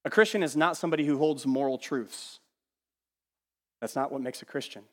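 A man preaching a sermon in an animated, emphatic way, repeating words as he builds a point and dropping to quiet asides. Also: mid-range voice, brisk, big-room sound. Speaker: pastor.

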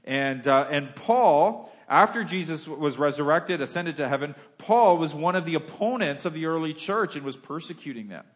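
A man preaching a sermon as a pastor, talking to his congregation in a conversational way, with frequent restarts and phrases that trail off quieter. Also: fairly high pitch, expressive, moderate pace, few pauses.

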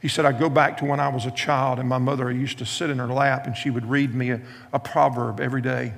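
A male pastor preaching in a big hall with a long, ringing echo. His voice is gravelly with a rough edge, and it sits at an ordinary middle pitch. He tells light, funny stories and repeats his main points for emphasis. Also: level tone, quick pace, a bit bright, a little hiss or hum. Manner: storytelling with humor, repeats key lines. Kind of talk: sermon.

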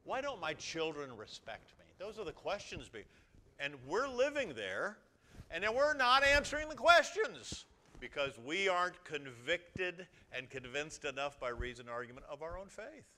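A pastor preaches to his congregation in a church. His voice sits a little high and has a bright, forceful edge. He swings widely in pitch and loudness, dropping to quiet asides before rising to loud exhortation. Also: big pitch swings, moderate pace. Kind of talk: sermon.

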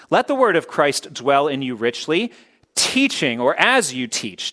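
Animated, emphatic male preacher. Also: a little high. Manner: emphatic, repeats key words for stress. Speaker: pastor. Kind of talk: sermon.

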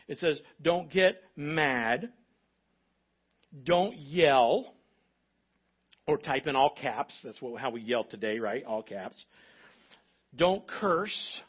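Brief: male pastor, husky higher voice, emphatic repetitive sermon, slightly dull lo-fi church recording. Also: expressive, takes it slowly, pauses often. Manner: emphatic, repetitive preaching with audience prompts.

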